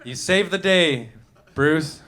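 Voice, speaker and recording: A young male comedian working a live crowd on a handheld mic, loose and crude, chuckling through his lines. His voice sits high and sounds bright and forceful, and every so often it jumps into a yell. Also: slow pace. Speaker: stand-up comedian. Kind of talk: live stand-up riffing with the crowd. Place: comedy club stage before a live audience.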